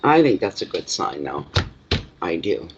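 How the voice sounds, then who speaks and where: A man's voice: sits low, sing-song, measured pace. Lo-fi stuffy-nosed man rambling. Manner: rambling, talks to himself while preparing. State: stuffy nose. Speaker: card reader. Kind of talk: casual live card reading. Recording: lo-fi with clear background noise.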